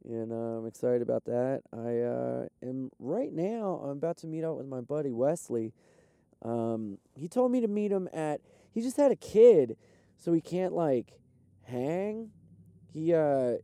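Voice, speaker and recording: Profane, excitable comedian rambling from his car. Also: medium pitch, moderate pace, no echo. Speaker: touring stand-up comedian. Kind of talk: casual vlog chat. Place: parked car.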